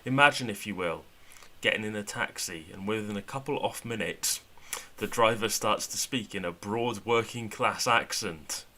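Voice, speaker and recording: A man co-hosting a political chat podcast, his delivery wry and deadpan as he mocks what he reads. His voice sits a little low but comes across bright and forceful. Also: moderate pace, hardly any pauses, slight background noise. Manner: sardonic, wry deadpan mockery. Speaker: podcast co-host.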